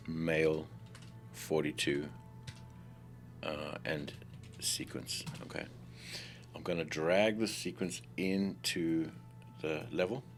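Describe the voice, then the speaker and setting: In a casual screen-recorded software tutorial, a man with a low voice gets excitable, talking to himself and swearing playfully.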